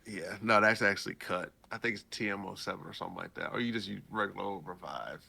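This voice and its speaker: A man hosting a podcast, retelling a story in a casual, animated and jokey way. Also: sits low, quick pace, vocal fry, husky. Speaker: podcast host.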